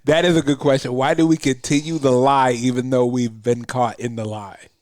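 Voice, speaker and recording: A man's voice: medium pitch, level tone, moderate pace, a little mellow, dry recording, clean studio sound. A man hosting a casual podcast chat, reacting with amused questions. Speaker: podcast host.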